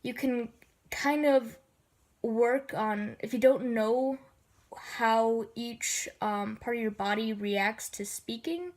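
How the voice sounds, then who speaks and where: Sniffly woman with a light gravel in her lower register, hesitant, um-filled casual tutor, voice sits a bit high. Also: fairly even intonation, takes it slowly. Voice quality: slightly gravelly low register. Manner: hesitant, many filler ums. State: sniffly from allergies.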